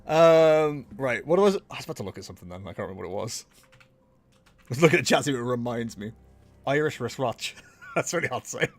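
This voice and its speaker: A man's voice: mid-range voice, lively intonation, fast. A man hosting a livestream, chatting casually with many laughs and rambling restarts. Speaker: streamer and host.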